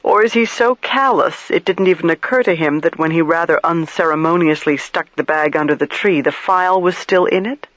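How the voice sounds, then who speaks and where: A man reading a crime novel aloud in first-person narration, measured and steady. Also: a little high, no room sound, highs cut off. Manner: measured, storytelling. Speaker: audiobook narrator.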